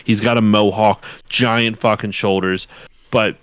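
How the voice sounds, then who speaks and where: A man's voice: lowish voice, steady tone, a little slow, a bit bright, clear, resonant tone, no room sound. A man co-hosting a livestreamed talk show, telling stories enthusiastically with lots of fillers and casual swearing. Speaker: podcast co-host. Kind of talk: casual chat.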